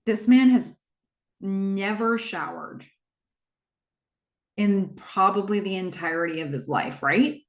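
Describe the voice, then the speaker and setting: A woman retelling a movie plot in a casual, chatty way, with quick asides and small acted-out quotes. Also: medium pitch, echoey room. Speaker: movie recap host.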